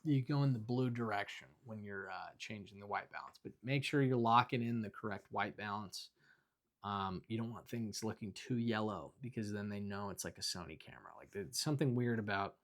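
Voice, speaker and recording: A man's voice: fairly low pitch, creaky. A young man chatting casually as he reviews things around his house, rambling with lots of fillers and self-corrections. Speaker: video creator reviewing his belongings. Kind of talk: casual off-the-cuff review chat.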